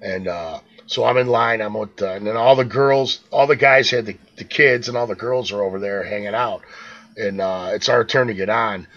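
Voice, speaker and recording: A man's voice: on the low side, moderate pace, fairly bright tone, lo-fi sound. A man co-hosting a podcast, telling stories in a laid-back way, swearing and tossing in "man" and "dude". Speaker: podcast co-host. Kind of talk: casual chat, storytelling.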